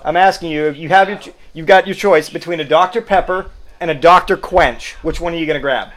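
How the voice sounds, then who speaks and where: A man's voice: fairly high pitch, fairly quick, a bit bright. A man hosting a comedy podcast, ranting sarcastically and slipping into mock-commercial voices. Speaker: podcast host. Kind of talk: casual comedic rant.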